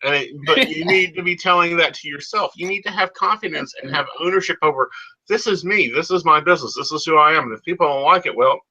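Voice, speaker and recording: A man's voice: a little high, fast, bright, forceful tone. A man co-hosting a live psychic talk show, speaking emphatically and confidently. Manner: emphatic, confident, calls people honey. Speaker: psychic co-host. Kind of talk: casual chat on a live show. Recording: dull lo-fi audio.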